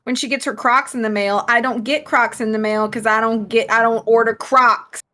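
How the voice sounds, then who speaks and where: A young woman chatting her way through a game stream on her home mic. Her voice sits a little high and she talks in an easygoing, rambling way, laughing between thoughts. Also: little pitch movement, normal speed, bright, forceful tone. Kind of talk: casual let's-play chat.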